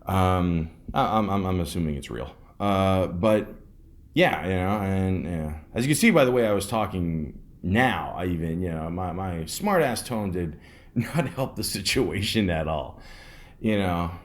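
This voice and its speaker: A middle-aged man with a very low voice tells a story on his podcast. He rambles and keeps restarting his sentences, packing them with fillers. His tone runs dry and sarcastic. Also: lively intonation, a little slow. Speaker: podcast host. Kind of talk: casual storytelling monologue.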